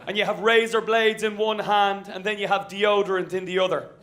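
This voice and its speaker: Irish male comic, very high voice, punchy self-mocking stand-up. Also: little pitch movement, fairly quick, fairly bright tone. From Ireland. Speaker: stand-up comedian. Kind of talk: stand-up set. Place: comedy venue with live audience.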